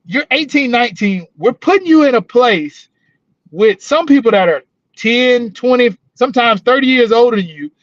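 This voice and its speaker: High-voiced male co-host, rambling and profane, dry dull audio; casual storyteller, prison-work talk. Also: expressive, moderate pace, no room sound. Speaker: podcast co-host, former corrections officer. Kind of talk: casual chat.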